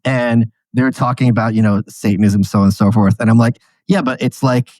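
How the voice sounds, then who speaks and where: Animated male storyteller, dry close mic. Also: on the low side, quick pace, no echo. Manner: animated storyteller, laughing at his own anecdotes. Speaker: podcast guest. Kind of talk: casual interview conversation.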